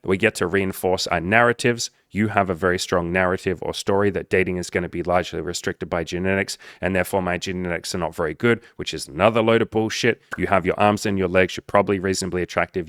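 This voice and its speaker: A man's voice: low voice, quick pace, few pauses, fairly bright tone, no echo, studio quality. A man giving a blunt, profane dating-coaching monologue, emphatic and repetitive as he challenges the viewer.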